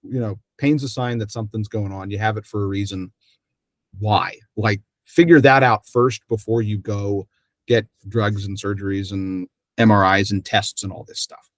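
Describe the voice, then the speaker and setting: A man's voice: fairly low pitch, fairly even intonation, normal speed, no room sound. A man hosting an interview who talks in a loose, rambling way, full of fillers and restarts, and acts out the people he quotes. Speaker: interview host. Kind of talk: conversational interview.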